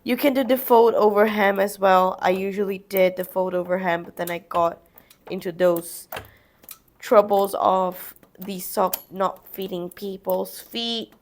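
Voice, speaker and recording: A young crafting vlogger talks casually through a knitting project step by step, chatting to herself as she goes. Her voice sits at medium pitch, with fairly even intonation and a measured pace.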